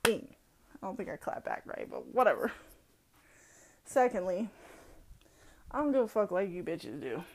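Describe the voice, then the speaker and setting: A woman's voice: mid-range voice, moderate pace, pauses often, a little hiss or hum. A woman hosting a solo podcast, ranting bluntly with heavy swearing, laughing often and mocking people as she tells stories. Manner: mocking, animated storytelling. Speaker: podcast host. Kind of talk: profane solo podcast rant.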